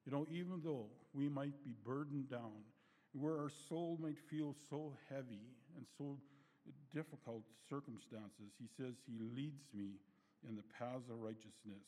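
A man preaching a sermon in a gentle, unhurried way, reading scripture in old-fashioned wording and letting his phrases fade softly at the end. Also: medium pitch. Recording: long hall reverb.

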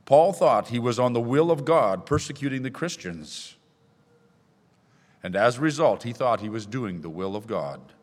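A man's voice: medium pitch, expressive, moderate pace. Man, pastor, sermon, scripture reading, long church reverb. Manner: reads scripture aloud with rising emphasis. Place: church sanctuary.

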